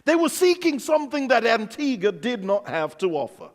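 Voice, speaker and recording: High, lively English preacher in echoing hall. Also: male voice, moderate pace. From England. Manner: animated storytelling preacher, acts out dialogue. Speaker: pastor. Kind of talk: sermon. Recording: long reverb of a large hall.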